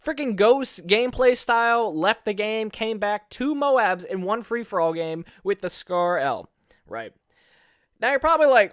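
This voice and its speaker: A young man in his late teens telling a rambling story over gameplay, animated and full of swearing, often asking "you know what I'm saying". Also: high-pitched, moderate pace, dry recording, clean studio sound. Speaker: gameplay commentator.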